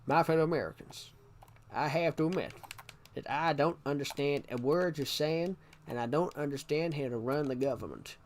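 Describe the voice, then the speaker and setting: A man's voice: a little high, normal speed, a little hiss or hum, natural voice. A man doing an impression of a bumbling American president, giving a mock-solemn speech in a put-on drawl.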